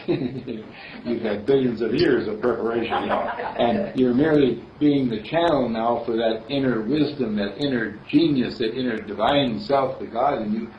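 A minister gives a spiritual sermon in a mid-range voice, rambling, chuckling, and telling stories. The recording is distant, roomy, and dull, with a little hiss or hum.

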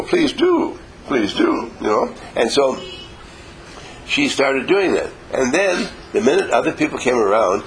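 A man leading a motivational seminar before a live audience, acting out little dialogues and coaxing the room to answer louder. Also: mid-range voice, a little hiss or hum, rough recording. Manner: animated, acts out little dialogues. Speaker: seminar leader.

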